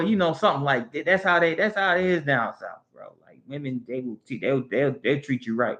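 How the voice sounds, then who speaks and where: A man's voice: medium pitch, a little fast, few pauses, fairly bright tone, dull audio. A man with a Southern US accent, hosting a casual live stream and rambling in a laid-back way as he thinks aloud. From Southern United States. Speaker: livestream host.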